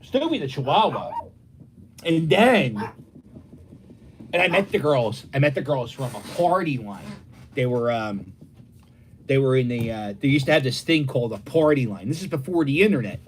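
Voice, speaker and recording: A man's voice: a little high, very animated, normal speed, slightly rough. Middle-aged philly guy rambling on a home livestream, voice jumping up and down a lot, acts out voices in his stories. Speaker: live stream host. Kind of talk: casual rambling storytelling. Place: dining room at home.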